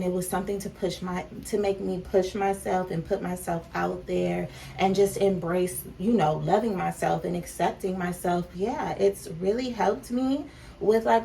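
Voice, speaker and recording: Gravelly-voiced woman chatting over her makeup. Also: mid-range voice, mellow. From California. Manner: chatty and candid, sprinkles in "child", "baby" and "honey". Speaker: vlogger and clothing brand owner. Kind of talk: casual chat while doing makeup. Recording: slightly distant mic with faint background noise.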